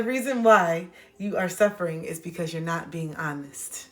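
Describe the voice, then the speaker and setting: A woman's voice: fairly low pitch, lively intonation, moderate pace, hardly any pauses, reverberant. A woman hosting a livestream, talking bluntly and preachily with slang, recorded on a phone. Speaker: livestream host giving spiritual advice. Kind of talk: casual livestream talk.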